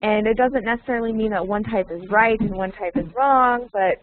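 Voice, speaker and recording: A woman's voice: fairly high pitch, fairly quick, no room sound. A woman teaching an online English lesson to a small group, patiently repeating and modeling phrases and laughing often. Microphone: computer mic on a video call. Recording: tinny online call line.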